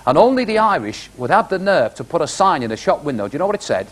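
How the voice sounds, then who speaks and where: A middle-aged man warming up a live television studio audience, telling jokes and stories in a chatty, animated way and throwing questions to the crowd. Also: fairly high pitch, quick pace. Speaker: studio warm-up comedian.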